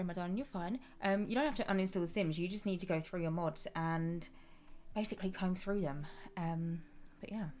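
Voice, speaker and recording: A woman talks her way through a relaxed live stream from her desk at home. Her voice sits a touch low, and her chat is easy and affectionate, greeting each viewer fondly as she goes. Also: a little fast. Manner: chatty and affectionate, calls viewers "my darling".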